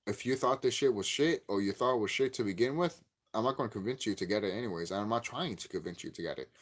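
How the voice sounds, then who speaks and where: A man giving a profane, angry vlog rant about a game, repeating himself and cursing. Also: fast. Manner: angry, profane, repetitive ranting; lively swinging pitch, gets loud and high when worked up. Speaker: YouTube game commentator. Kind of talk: ranting vlog commentary.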